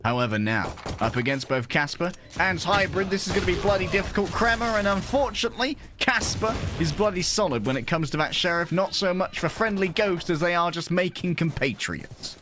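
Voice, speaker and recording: Man, English accent, esports play-by-play, animated, noisy stream audio. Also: sits high, brisk, hardly any pauses. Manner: jokey, playful asides. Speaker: esports caster.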